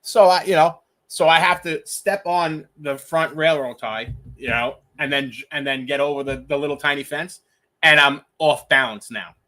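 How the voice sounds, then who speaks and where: A man co-hosting a podcast has a bright, fairly high voice. He tells his stories in an animated way and laughs often in easy, casual chat. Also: moderate pace. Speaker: podcast co-host.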